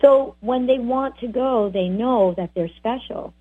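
A woman dog trainer giving lively, chatty advice on bonding with dogs. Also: a little high, a little slow, slightly rough. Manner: animated, chatty, voices the dogs. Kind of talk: casual advice talk. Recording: tinny phone-like audio.

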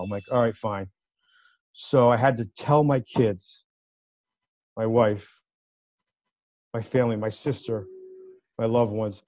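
A man guesting on a talk show, telling a story in a lively way and acting out the voices of the people in it. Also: lowish voice, a little slow, long pauses, no echo. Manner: animated, acts out quoted voices. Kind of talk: casual storytelling. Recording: dull lo-fi dry sound.

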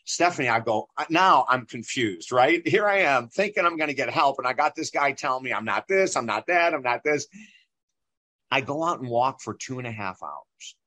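A middle-aged man, a guest in an interview, telling a personal story in a lively way and acting out the dialogue. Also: mid-range voice, moderate pace, no echo. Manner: animated storyteller who acts out dialogue.

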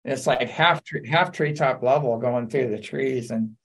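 A man telling lively anecdotes on a talk radio show, laughing and acting out quotes. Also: medium pitch, normal speed. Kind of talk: casual storytelling on talk radio.

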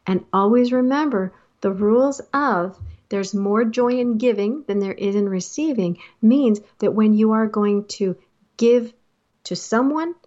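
A woman's voice: on the high side, a little slow, darkish tone, highs cut off. Earnest woman giving life advice. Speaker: host. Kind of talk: motivational talk.

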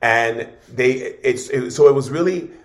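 A man as an interview guest, telling an animated story and acting out what others said. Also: mid-range voice, measured pace. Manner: expressive, dramatic storyteller acting out dialogue.

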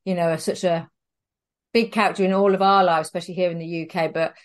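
A woman guest in an interview, telling a story in a chatty, animated way and laughing often. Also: on the low side, fast talker.

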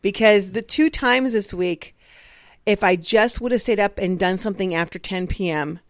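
A woman's voice: mid-range voice, normal speed, no echo. A woman co-hosting a casual talk podcast, sharing stories about her week. She tumbles through restarts and slips into the voices of the people she's quoting. Her voice sits in the middle of the range and sounds close and dry. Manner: chatty, with restarts and acted-out anecdotes. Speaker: podcast co-host. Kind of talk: casual chat.

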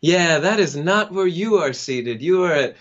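A young man telling a funny personal story on a podcast, acting out the people in it and laughing now and then. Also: a little high. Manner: animated, acts out the people in his story with quick laughs. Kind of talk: casual storytelling. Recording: dull lo-fi sound.

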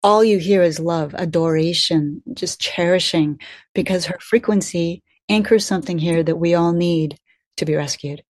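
Female co-host, somewhat low voice, dry sound, earnest explainer. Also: moderate pace, darkish tone, dry recording. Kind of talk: casual spiritual chat.

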